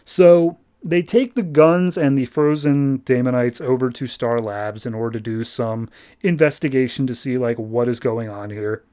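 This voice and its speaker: A man's voice: medium pitch, steady tone, normal speed, dark tone, clean tone. A man hosting a comic book podcast, recapping an issue in a casual, rambling way with wry, sarcastic asides.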